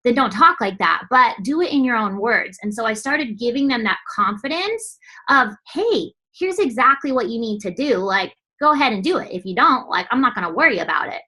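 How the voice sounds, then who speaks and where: A young woman coach giving a blunt, lively motivational talk to her team, swearing often and mimicking others in quick asides. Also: on the high side.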